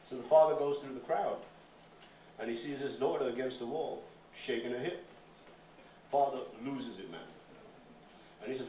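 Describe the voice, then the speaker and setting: An older man with a Nuyorican accent telling a story on stage at a small café, animated, profane and conversational. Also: medium pitch, a little fast, pauses often, a little hiss or hum. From Puerto Rican New York. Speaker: spoken word performer. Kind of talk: live storytelling. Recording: roomy live stage from far off.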